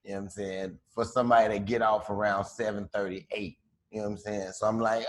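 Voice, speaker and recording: A man casually telling a long story on a podcast, profane and animated, acting out the other people's voices as he goes. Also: fairly low pitch, fast. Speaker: podcast co-host.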